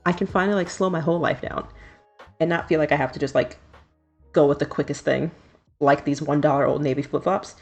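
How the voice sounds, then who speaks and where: A woman's voice: deep voice, steady tone, fairly quick, a little mellow, faint music behind. A woman in her thirties, a streamer chatting casually and laughing often while doing her nails. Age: 30s.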